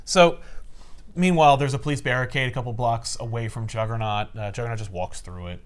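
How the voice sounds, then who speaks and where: A man casually recapping a comic book with friends, acting out the characters in quick voices. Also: mid-range voice, clean tone. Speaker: comic podcast co-host.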